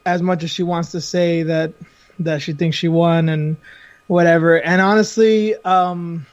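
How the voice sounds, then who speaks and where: A man's voice: fairly high pitch, steady tone, a little slow, no echo. A man joining a panel over a remote call, rambling through his fight analysis with lots of fillers. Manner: rambling, with many fillers and restarts. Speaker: panel guest. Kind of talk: casual analysis. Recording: dull dry lo-fi call audio.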